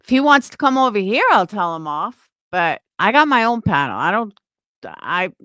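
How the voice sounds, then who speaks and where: Woman ranting angrily with lively pitch. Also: moderate pace, dry recording, studio quality. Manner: angry, profane, scornful ranting. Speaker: streamer. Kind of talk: livestream reaction rant.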